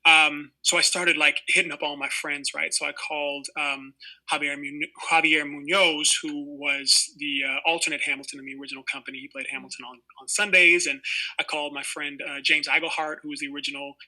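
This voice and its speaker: A man's voice: fairly high pitch, fairly even intonation, a little fast, pushed and bright, low-quality recording. A man in his twenties, an actor being interviewed, telling stories casually with lots of fillers and restarts. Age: 20s. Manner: rambling, heavy on fillers like "you know". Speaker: actor guest.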